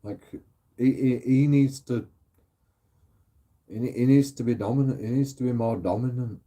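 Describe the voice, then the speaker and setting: A man's voice: medium pitch, normal speed, dark tone. A middle-aged man, chatting casually as a streamer, rambling, repeating himself and swearing often.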